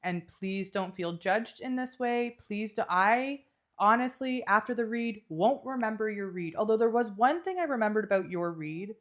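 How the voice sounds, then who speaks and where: Woman podcast host, middle-pitched voice, easygoing and reassuring, casual swearing. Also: animated, moderate pace. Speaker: podcast host and psychic medium. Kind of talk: casual chat.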